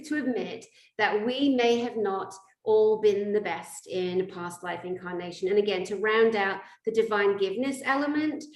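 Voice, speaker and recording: Lady hosting a chat, tells stories with lots of life, says what she thinks, sounds a bit roomy. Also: mid-range voice. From England. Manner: animated storytelling, outspoken. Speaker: host. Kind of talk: casual spiritual conversation. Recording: roomy echo.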